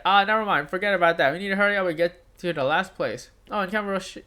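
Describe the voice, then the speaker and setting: A man's voice: high-pitched, very fast, few pauses, pushed and bright. A young man playing a video game, reading the characters' lines aloud with light voicing and breaking off into laughs and puzzled asides. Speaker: gamer. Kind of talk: let's play commentary, reading game dialogue aloud.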